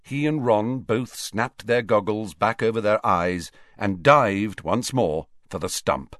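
A man narrating an audiobook with expressive storytelling. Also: on the low side, takes it slowly, no echo, clean studio sound.

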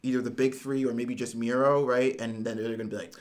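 A young man chatting casually about an anime episode, his voice sitting at a middling pitch for a man. He laughs easily and jumps into quoting characters. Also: flat delivery, fast. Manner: laughs often, acts out quotes. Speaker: anime podcast co-host. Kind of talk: casual chat.

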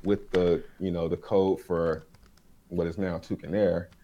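A low-voiced man chatting casually on a podcast. He rambles in a laid-back way, restarts his sentences often and drops relaxed slang. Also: unhurried, muffled recording.

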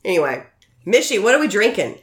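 A woman's voice: medium pitch, very animated, quick pace, very noisy. Woman host, loose profane banter, voice swings up and down a lot. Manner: joking, expletive-laced banter. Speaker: podcast host. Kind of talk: casual chat.

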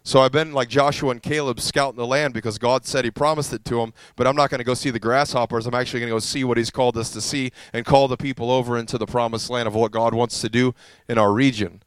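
A male pastor telling a story in a sermon, animated and self-deprecating, acting out what others said to him. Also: mid-range voice, quick pace, smooth, no room sound.

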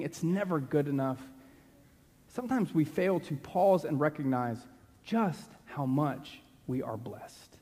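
A man preaching a sermon as pastor, earnest, slowing down and dropping to a hush to stress a point. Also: fairly high pitch. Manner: earnest, slows down and drops to a hush for emphasis. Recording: long reverb of a large hall.

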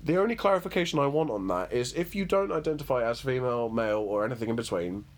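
A man's voice: mid-range voice, expressive, fast talker. Swearing, ranting male podcast co-host. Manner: ranting, swears freely, self-mocking. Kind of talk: casual podcast chat.

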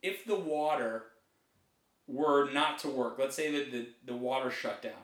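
A man's voice: mid-range voice, measured pace, a bit bright. A middle-aged man co-hosting a podcast in casual chat, rambling and repeating himself as he talks. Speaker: podcast co-host. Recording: roomy, a bit far from the mic.

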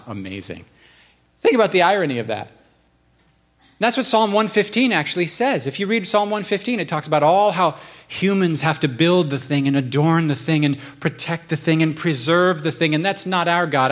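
Animated, earnest man in casual chat. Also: on the high side. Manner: earnest, animated storytelling with acted asides. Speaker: podcast host.

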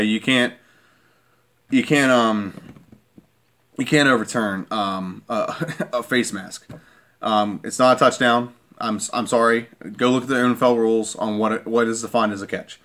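A man in a worked-up football rant, his voice sitting in a middle pitch. He talks as an irate fan, hammering the same points over and over and checking in with a pointed "okay?". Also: a bit bright. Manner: irate, repeats himself, keeps asking "okay?". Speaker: sports fan vlogger. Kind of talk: heated sports rant.

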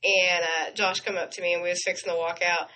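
A chatty woman co-host, her voice crisp and bright as she rushes through fan stories on air. She sounds gushing and animated, talking in casual radio chat. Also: on the low side, a little hiss or hum, low-quality recording.

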